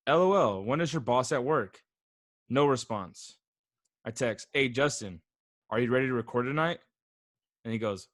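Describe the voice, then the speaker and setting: A young man on a casual podcast, laughing as he reads out texts in a flat, teasing voice. His pitch sits in an ordinary middle range, and the sound is dry and close, with no room around it. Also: moderate pace, long pauses, no room sound. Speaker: podcast host. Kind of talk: casual chat.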